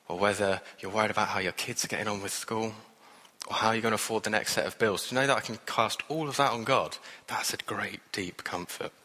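A man preaching a sermon with a lowish, bright, forceful voice. He speaks earnestly and conversationally, with wry asides. His words ring out with the long reverb of a church hall.

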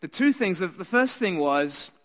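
Australian male preacher, high voice, earnest and chatty, hall reverb on the recording. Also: lively intonation, unhurried. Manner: earnest, conversational, with frequent restarts and hushed asides. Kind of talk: Christmas sermon.

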